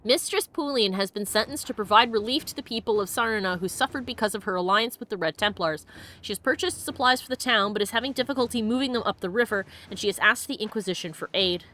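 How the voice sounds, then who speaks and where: A woman hosting a let's play, reading game text aloud and chatting casually, giggly and quick to put on silly voices. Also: mid-range voice, pushed and bright.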